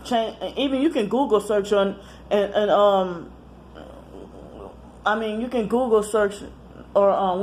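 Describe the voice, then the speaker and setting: A woman talking casually to camera in a personal monologue, rambling, halting and often correcting herself mid-sentence. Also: medium pitch, a little mellow, slight background noise. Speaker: vlogger.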